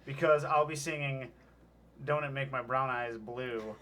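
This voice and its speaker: Man, bright voice, jokey, game scorekeeper, faint background hiss. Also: medium pitch, measured pace. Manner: joking, laughs often. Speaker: scorekeeper of a party game show. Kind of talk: casual chat.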